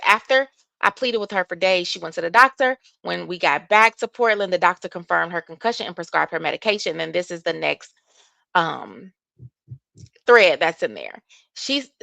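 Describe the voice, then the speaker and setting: A woman's voice: fairly low pitch, vocal fry, bright, forceful tone, no room sound. A woman hosting a casual livestream, reading text messages aloud to her viewers and weighing in with her own opinions. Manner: addresses viewers directly as y'all. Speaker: livestream commentary host.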